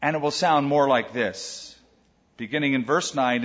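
An older man preaching a sermon as pastor, in a conversational, animated way with asides to his listeners. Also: mid-range voice, moderate pace, in a large hall, highs cut off.

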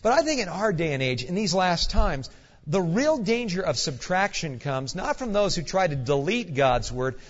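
Lively, earnest male preacher in a hall. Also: high voice, normal speed. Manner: animated storyteller, earnest, mixes folksy asides with preaching. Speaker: guest pastor. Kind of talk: sermon storytelling. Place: church sanctuary. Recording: dull echoey church hall recording.

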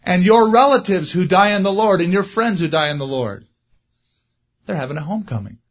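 A man preaching a sermon, animated, growing loud and high when he stresses a point. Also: fairly quick, highs cut off. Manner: animated, rising loud for emphasis. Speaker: pastor.

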